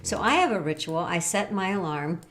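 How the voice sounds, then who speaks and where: A woman co-hosting a casual wellness talk show, speaking earnestly and repeating gentle affirmations. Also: lowish voice, expressive, brisk, a little hiss or hum. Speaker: co-host.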